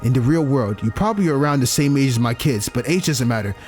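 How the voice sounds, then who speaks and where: A man voicing a stern but caring older mentor who gives firm, steady encouragement. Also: medium pitch, quick pace, faint music behind, natural voice.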